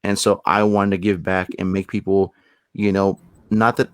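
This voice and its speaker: A man's voice: sits low, level tone, normal speed, clean tone, no echo. A man talking as a paranormal investigator guest, telling a long story in a casual, rambling way and often repeating words as he builds it up.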